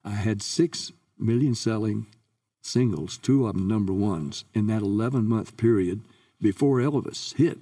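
An older man, a guest singer, telling lively anecdotes in an interview and acting out the voices he quotes. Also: lowish voice, a little slow, slightly rough, recorded from a distance.

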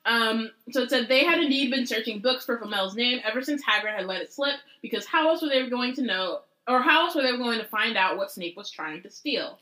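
A woman with a high, very bright voice chats as a podcast co-host. She talks in a loose, slangy way as she discusses a book. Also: animated, a little fast, few pauses, echoey room, poor audio. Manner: casual, slangy, laughs often. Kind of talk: casual chat about a book.

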